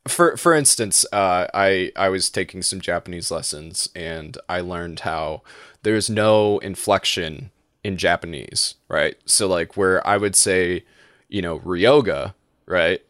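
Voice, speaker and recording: Podcast host guy rambling, laughing a lot, low voice, dry close sound. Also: measured pace, fairly bright tone, dry recording. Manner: rambling, laughs often, many restarts. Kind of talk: casual chat.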